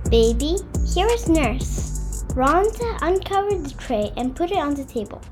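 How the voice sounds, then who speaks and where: A woman reading a children's book aloud in an expressive, deliberate way. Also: high voice, faint music behind. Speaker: storybook reader.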